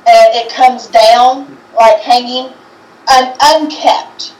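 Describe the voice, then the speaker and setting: A woman co-hosting a casual chat, describing what she senses in a hesitant, halting way with many restarts. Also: fairly high pitch, reverberant, far from the mic, rough recording. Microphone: video call.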